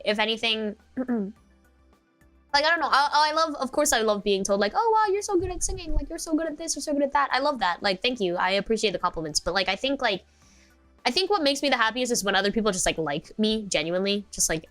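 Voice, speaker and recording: A woman's voice: fairly high pitch, lively intonation, a little fast, bright, forceful tone, soft background music. A young woman streaming as a VTuber, telling stories in casual chat, rambling with lots of filler words and giggles.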